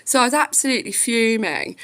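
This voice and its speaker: A woman's voice: on the high side, sing-song, quick pace, fairly bright tone. A woman telling an angry story about a social worker, swearing freely and reading a complaint letter aloud. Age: adult parent. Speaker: vlogger. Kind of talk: casual storytelling rant.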